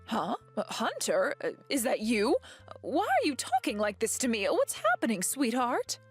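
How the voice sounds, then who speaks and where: A woman's voice: on the high side, wildly swooping pitch, normal speed, slightly rough, soft background music, full character voice. A woman voicing a possessive, scheming mother-in-law who talks in a defensive, indignant way.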